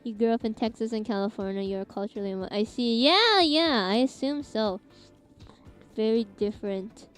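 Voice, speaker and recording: A woman's voice: mid-range voice, fairly even intonation, normal speed, dark tone, clear, resonant tone, soft background music. A young woman from Canada chatting casually with her live-stream chat, giggling often and reacting to messages.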